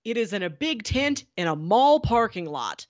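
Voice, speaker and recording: A woman co-hosting a casual podcast chat, telling stories with animated enthusiasm. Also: medium pitch, moderate pace, dull audio. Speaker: podcast co-host.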